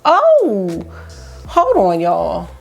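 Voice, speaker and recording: A woman vlogger chatting excitedly through a makeup swatch review, rambling with lots of asides. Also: fairly low pitch, drawn-out words, gravelly, soft background music. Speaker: beauty vlogger.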